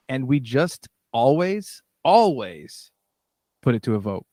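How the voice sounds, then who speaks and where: A man, a musician and director, telling lively stories in a casual interview and acting out what people said. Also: medium pitch, a little slow, no room sound, studio quality. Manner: animated storyteller, acts out quoted dialogue.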